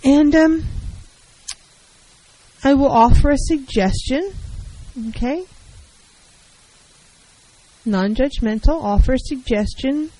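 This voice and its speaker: A middle-aged woman counselor who talks in a calm, measured way and acts out example dialogues. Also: high voice, no room sound, low-quality recording. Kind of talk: talk radio advice segment.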